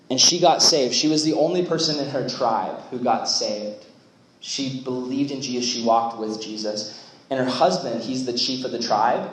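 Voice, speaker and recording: A young man preaching a youth sermon, animated and chatty, with many "like" fillers. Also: medium pitch. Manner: animated, filler-heavy talk with lots of "like". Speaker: youth pastor. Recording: roomy echo.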